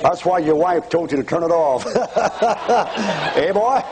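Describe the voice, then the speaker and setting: A man's voice: a little high, expressive, takes it slowly, very noisy. An older man preaching a televised fire-and-brimstone sermon, mocking and taunting his audience with bursts of laughter.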